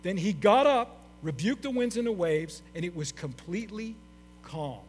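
Middle-aged male pastor, high animated delivery, emphatic sermon, reverberant hall. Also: normal speed. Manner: emphatic, repeats key phrases, addresses the congregation as church. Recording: long hall reverb with faint mains hum.

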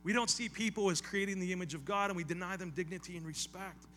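A man preaching to his congregation in a high, bright voice. He keeps it conversational with casual asides, then repeats phrases and leans into emphatic appeals. A faint hum sits under the recording. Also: quick pace. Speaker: pastor. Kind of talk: sermon.

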